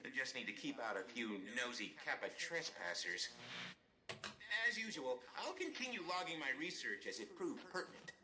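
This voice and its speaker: A fussy little asura scientist. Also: male voice, medium pitch, very animated, normal speed, sharp tone, slight background noise. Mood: analytical. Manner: precise, formal log-keeping tone. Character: fussy small male asura scientist, formal and self-important. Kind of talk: video game voice acting. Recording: game music behind voice.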